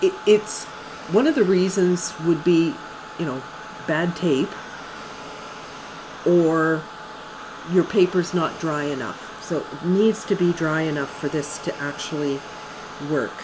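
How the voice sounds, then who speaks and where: Middle-aged woman, art teacher demoing watercolor, low-ish voice, easygoing and chatty, light room noise. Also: slow pace, pauses often. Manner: relaxed and chatty, thinks aloud with fillers. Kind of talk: casual painting demonstration.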